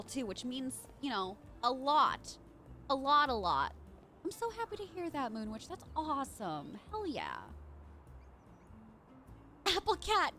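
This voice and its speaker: A young woman streaming a video game live, reacting excitably with swearing and panicked shrieks. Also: sits high, a little hiss or hum.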